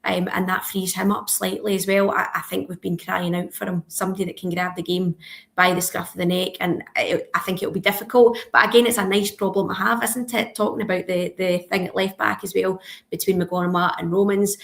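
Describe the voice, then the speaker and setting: Gravelly-voiced woman talking football. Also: lowish voice, flat delivery, a little fast. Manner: chatty, tag questions like "isn't it". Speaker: podcast co-host. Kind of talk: casual football podcast chat.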